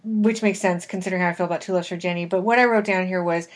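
A woman's voice: fairly low pitch, steady tone, racing. Chatty laughing woman co-host. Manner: chatty, laughs often, romantic enthusiast. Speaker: podcast co-host. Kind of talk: casual chat.

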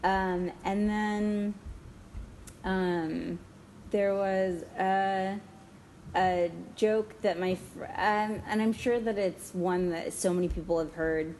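A woman's voice: medium pitch, fairly even intonation, slow, a little mellow, a little hiss or hum. Giggly rambling woman guest. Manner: giggly, self-deprecating, many fillers and restarts. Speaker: interview guest. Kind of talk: casual interview chat.

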